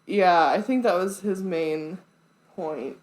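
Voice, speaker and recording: A woman's voice: on the low side, slow pace, darkish tone, poor audio. A woman co-hosting a podcast in casual chat, talking loosely with lots of "like" and dry quips. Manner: chatty, peppered with "like", dry quips. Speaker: podcast co-host.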